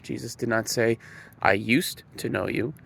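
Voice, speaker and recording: Gravelly man preaching earnestly. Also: lowish voice, steady tone, a bit bright. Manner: slow, emphatic, stresses key words. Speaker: Christian speaker.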